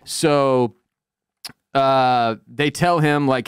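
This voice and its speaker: A man's voice: medium pitch, big pitch swings, takes it slowly, clear, resonant tone, dry recording, studio quality. A man co-hosting a podcast, recapping a TV episode in loose, profane casual chat and acting out lines from the show. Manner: loose, profane, acts out quotes in voices. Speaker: podcast co-host.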